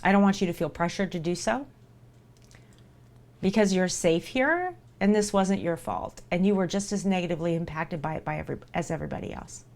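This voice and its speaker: A woman's voice: lowish voice, expressive, a little fast, darkish tone. A woman streamer talking live to her viewers in an earnest, reassuring way, repeating herself for emphasis.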